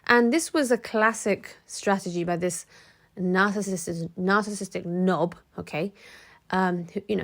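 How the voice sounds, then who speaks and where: A woman's voice: lowish voice, gravelly. Chatty woman giving advice. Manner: chatty and digressive, talks straight to viewers. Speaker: motivational video creator. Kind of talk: casual advice monologue to camera.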